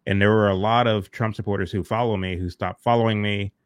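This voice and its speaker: Low-voiced man, dry close sound. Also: fairly even intonation, quick pace, dry recording. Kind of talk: casual political chat.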